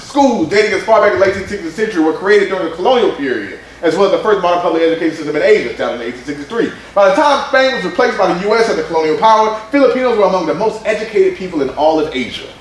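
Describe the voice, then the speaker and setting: Animated man with a slightly high voice, giving a slide talk in a roomy hall. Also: a little hiss or hum. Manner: animated, conversational, quotes people in voices. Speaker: presenter at a men's summit. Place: conference room. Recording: roomy hall sound with faint ambience.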